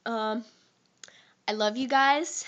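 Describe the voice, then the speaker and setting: A teenage girl who is sick and sounds rough, gushing and giggling in a rambling fan vlog recorded on her phone while sitting on a couch at home. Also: a little high, takes it slowly, fairly bright tone. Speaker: vlogger. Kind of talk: casual fan vlog to camera. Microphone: phone held close.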